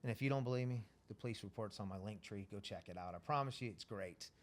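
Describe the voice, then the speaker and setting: A man's voice: on the low side, quick pace, slight background noise. A man telling a story as a podcast guest in casual, profane talk, acting out the lines of the people he describes. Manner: profane, animated, acts out quoted dialogue.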